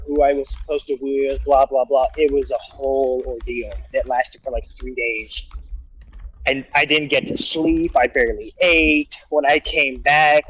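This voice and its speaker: A man's voice: medium pitch, breathy edge, no room sound, rough recording. A man casually telling profane, rambling stories about his time as a soldier on a livestream. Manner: animated, profane, rambling with restarts. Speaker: guest storyteller, soldier.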